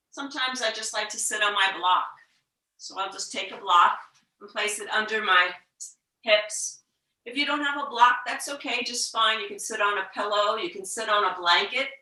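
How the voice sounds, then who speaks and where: A woman teaching a yoga class, talking slowly and gently, sometimes dropping to a whisper to show the breath. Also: medium pitch, recorded from a distance. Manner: slow, gentle guiding with soft whispered breath demos. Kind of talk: guided yoga instruction. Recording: echoey room, voice from off-mic.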